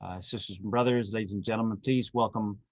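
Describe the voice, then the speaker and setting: A man's voice: lowish voice, steady tone, fast, no echo. A man co-hosting a virtual celebration, formally introducing each speaker over a video call. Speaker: event co-host. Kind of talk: emceeing speakers.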